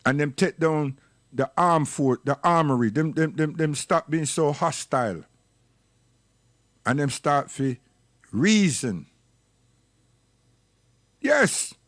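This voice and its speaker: Man with a high voice, preachy and scolding, dry close sound, for a livestream rant. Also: no echo. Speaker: livestream commentator. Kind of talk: impassioned livestream monologue.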